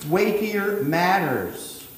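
A middle-aged man, a pastor preaching a sermon, rising to emphatic preaching with quick asides. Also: high voice, expressive. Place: church sanctuary. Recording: echoey hall.

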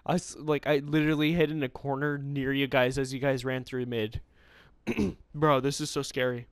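A young man giving casual, excitable gaming commentary, pleading and yelping in bursts. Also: medium pitch, moderate pace, clear, resonant tone, no room sound. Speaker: gamer.

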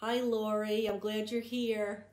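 A woman's voice: mid-range voice, level tone, takes it slowly, a little mellow, reverberant. A woman librarian reading a picture book aloud to young children, chanting patterns in a sing-song and asking them questions.

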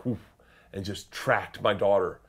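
A man telling a wild story as a guest, laughing and acting out quotes with sudden shouts. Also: lowish voice, fairly quick. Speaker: comedian guest. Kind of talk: animated storytelling.

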